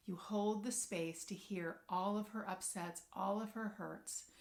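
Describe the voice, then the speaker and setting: A woman working as a parenting coach and social worker, speaking to camera and giving advice directly to parents in an earnest, gentle way. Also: mid-range voice, fairly even intonation, measured pace, gravelly.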